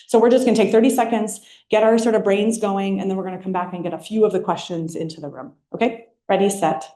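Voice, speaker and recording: A woman's voice: medium pitch, steady tone, fast, hardly any pauses, dark tone. A woman presenting a workshop to a live audience, speaking in a conversational way and often checking in with "right?". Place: meeting room with an audience. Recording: echoey room.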